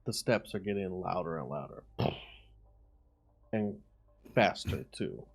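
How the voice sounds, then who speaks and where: Low-voiced guy dm'ing a tabletop game, calm and low-key. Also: measured pace, vocal fry, faint music behind. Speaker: dungeon master.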